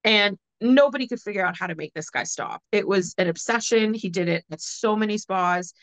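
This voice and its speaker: Woman, podcast co-host, animated storyteller, dry close mic. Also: mid-range voice, fairly quick, no room sound, low-quality recording. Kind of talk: casual storytelling chat.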